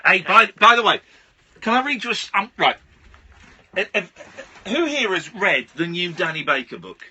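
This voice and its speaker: A man's voice: high-pitched, big pitch swings, normal speed, bright, forceful tone, breathy edge. A man hosting a late-night radio show, chatting in a rambling, self-interrupting way. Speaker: radio host.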